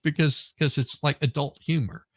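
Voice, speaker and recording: A man's voice: on the high side, steady tone, moderate pace, sharp tone, no echo. A man chatting casually on a live stream, rambling with frequent restarts and laughs. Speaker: guest streamer.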